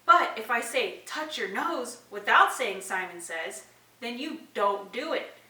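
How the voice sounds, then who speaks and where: A woman's voice: on the high side, very animated, a little slow, pushed and bright, far from the mic. A woman presenting an instructional video to parents, explaining activities step by step with spoken examples. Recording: echoey room, voice a bit off-mic.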